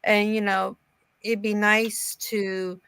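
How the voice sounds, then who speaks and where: A woman's voice: mid-range voice, level tone, slow pace, fairly bright tone, clean tone, no echo. A woman in her fifties hosting a casual chat, supportive, often saying "you know". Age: 50s.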